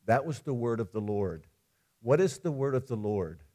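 Male preacher, sermon storytelling, conversational, animated, mid-pitched voice. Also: normal speed.

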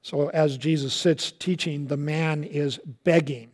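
A man preaching a sermon. He tells the story in a lively way, with casual asides, and swings from loud and emphatic to hushed and quiet. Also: a little high, unhurried. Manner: colloquial asides.

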